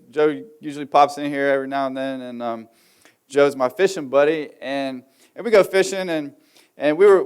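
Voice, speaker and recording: A man's voice: a little high, clear, resonant tone. A man, preaching a sermon in a folksy, rambling storytelling way with many fillers. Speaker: pastor.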